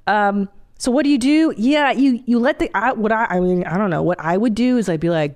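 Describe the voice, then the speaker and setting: A woman's voice: mid-range voice, lively intonation, brisk, hardly any pauses, darkish tone. A woman in her forties hosts a casual podcast chat. She talks bluntly and animatedly, dropping swear words freely and jumping from rant to laughter. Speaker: podcast host.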